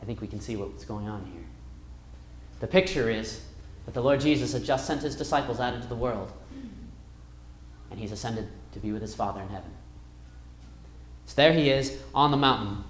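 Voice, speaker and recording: A man teaching a Bible class, reading verses aloud and retelling the story with wide swings in loudness. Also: mid-range voice, moderate pace, long pauses, a little hiss or hum. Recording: echoey room.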